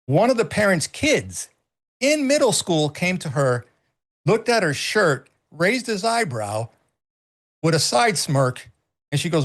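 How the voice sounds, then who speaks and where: A man's voice: sits high, sing-song, unhurried. A middle-aged man co-hosting a casual political talk stream, emphatic and swearing freely, often repeating himself. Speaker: co-host.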